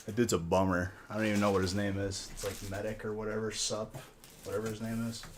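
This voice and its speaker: A relaxed man with a very deep voice hosts a live stream and opens card packs as he talks. He jokes with viewers and greets them by name in an easygoing way. Faint crinkling of wrappers can be heard behind him. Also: fast talker, a little hiss or hum. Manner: laid-back, joking, talks to chat by name.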